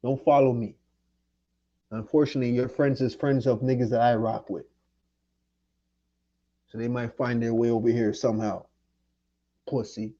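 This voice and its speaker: A man from Jamaica lashes out at someone on his livestream, angry, confrontational, and swearing. His mid-range voice stays fairly flat in pitch at a normal speed with long pauses, sounding mellow in a muffled recording.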